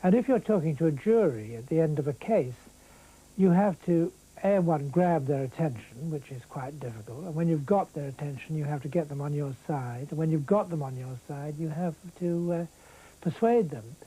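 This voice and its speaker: A man, a barrister, giving measured, reflective interview commentary. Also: fairly high pitch, dark tone, husky, low-quality recording. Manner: measured, reflective, with small restarts.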